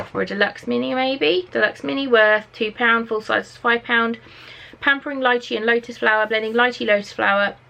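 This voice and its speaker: A young English woman from Norfolk chatting excitedly on camera at home, reading out product blurbs as she unboxes them. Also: mid-range voice, vocal fry, slight background noise. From Norfolk, England. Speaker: beauty vlogger. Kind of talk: casual unboxing chat. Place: at home, indoors.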